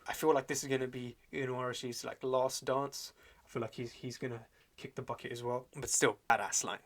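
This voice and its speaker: A young adult man hosting a podcast, recapping in a slangy, animated way with lots of fillers and restarts. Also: medium pitch, fairly quick. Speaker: podcast host reviewing a manga chapter. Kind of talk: casual chat.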